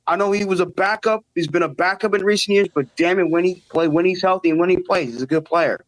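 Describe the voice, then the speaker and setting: A man's voice: sits high, fast, poor audio. A man calling in to a live stream, talking in an earnest, rambling way and putting himself down at times. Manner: earnest, rambling, self-deprecating. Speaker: caller. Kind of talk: call-in chat.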